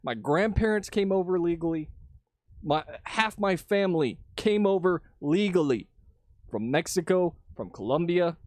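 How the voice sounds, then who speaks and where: A man's voice: high-pitched, expressive, moderate pace, darkish tone, no echo. A young Texan man giving a heated, profane political rant to his camera. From Texas. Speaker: vlogger.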